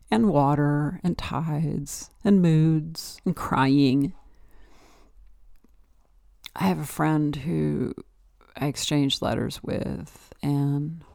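Podcast host, woman, musing solo monologue, gravelly voice, dry close mic. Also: low-pitched, darkish tone, no room sound. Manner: rambling and reflective, with many "like" and "you know" fillers.

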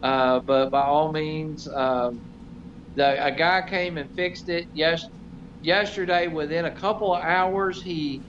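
Middle-aged man, rambling self-deprecating storyteller, fairly high voice, dull lo-fi sound with faint hiss. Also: steady tone, takes it slowly, fairly bright tone. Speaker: show regular. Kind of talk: casual chat. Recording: slightly dull, faint noise.

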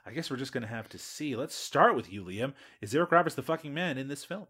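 A man hosting a podcast in a playful, mock-dramatic way. His pitch swings widely as he builds up big pronouncements. He swears freely and casually. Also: animated, fast, fairly bright tone, slightly rough. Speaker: podcast host.

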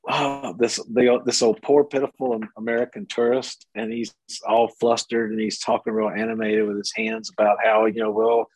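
A man with a low, husky voice spins a story on a podcast, acting out each person he quotes. The sound is close and dry, with no room around it. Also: steady tone, normal speed, dry recording, rough recording. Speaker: podcast guest. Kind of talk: casual storytelling.

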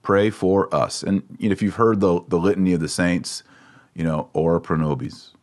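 A man with a very low voice gives a relaxed, chatty lesson on a Latin prayer. He patiently drills pronunciation, saying words slowly and more than once. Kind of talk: casual spoken lesson.

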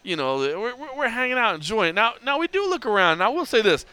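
Clear, resonant, and high, a middle-aged man's voice moves at a quick pace as he hosts a podcast. He's an animated storyteller in relaxed talk, voicing other people's lines and saying "like" constantly.

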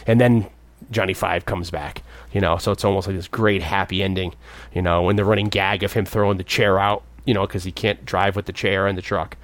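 A man's voice: little pitch movement, a little fast, dry recording. Chatty man retelling a movie plot. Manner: rambling, acts out characters in jumps of pitch. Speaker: podcast co-host. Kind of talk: casual movie discussion.

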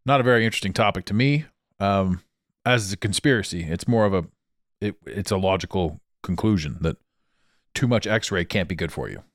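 A Canadian man hosts a solo podcast in a deep voice, talking a little fast, rambling, and laughing often. He records on a portable travel mic in a small dampened room, and the sound is dry and clean like a studio.

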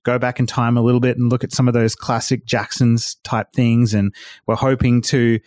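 A man's voice: mid-range voice, flat delivery, normal speed, darkish tone, no room sound, clean studio sound. A man hosting a casual podcast call, laughing often between lines. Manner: laughs often, asks guests to repeat lines for the edit. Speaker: podcast host. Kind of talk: casual group chat over a call.

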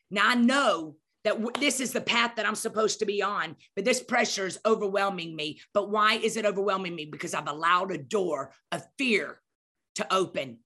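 A woman's voice: medium pitch, sharp tone. A middle-aged woman telling a story with emphatic, preacherly energy, acting out scenes as she goes. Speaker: podcast guest speaker. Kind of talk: animated storytelling.

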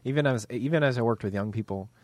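An American man with a slight Northern Irish lilt chatting as a guest on a radio show, friendly and quick to laugh. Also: medium pitch, a little mellow, dry recording. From United States. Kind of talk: casual talk-radio chat.

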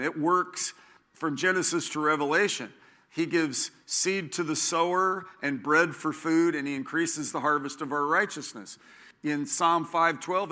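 A male preacher delivering a sermon in a bright, forceful voice pitched a little high. He is emphatic and often repeats key phrases slowly so listeners can take notes.

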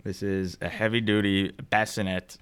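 A man running a tabletop game, describing scenes with wry, deliberate narration. His voice sits low and sounds smooth and clear. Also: flat delivery, a bit bright. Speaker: game master.

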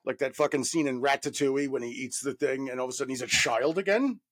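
A man in his thirties from New York, a guest actor telling a profane, animated story full of fillers. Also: medium pitch, fast talker. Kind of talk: casual anecdote telling.

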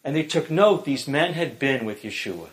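Animated man preaching a sermon. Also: mid-range voice, moderate pace. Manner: animated preaching with many "uh" fillers, acts out quoted voices. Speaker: pastor.

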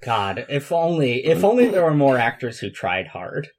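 A man's voice: mid-range voice, big pitch swings, moderate pace, a little mellow. A man co-hosting a casual chat, wry and sarcastic in his asides. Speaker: podcast co-host.

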